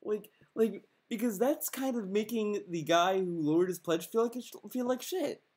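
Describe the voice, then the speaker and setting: A man's voice: high voice, normal speed, darkish tone. A man delivers an angry reaction commentary, swearing constantly. His tone stays sarcastic and mocking as he rants at the person on screen.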